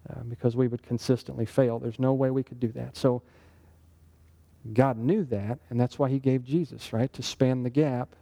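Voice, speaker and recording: A gravelly yet warm male voice of medium pitch carries this Bible lesson at a moderate pace with fairly even intonation. The man preaches in an interactive, conversational style, frequently questioning the group.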